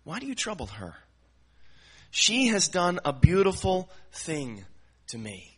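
A man voicing a calm, authoritative teacher, quoting his words in a lower, measured, gentle tone. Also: breathy edge, heavily acted.

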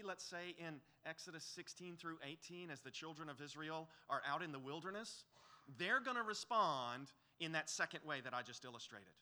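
A man's voice: on the high side, bright, forceful tone. A man preaching an expository sermon as pastor, earnest and pleading, building to emphatic peaks.

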